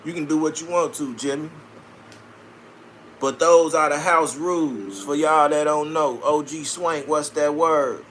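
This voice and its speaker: A man's voice: fairly high pitch, steady tone, measured pace, a bit bright, slight background noise. A man from Chicago hosting a casual live stream, answering viewer comments with brash, profane street banter. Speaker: livestream host reading viewer comments.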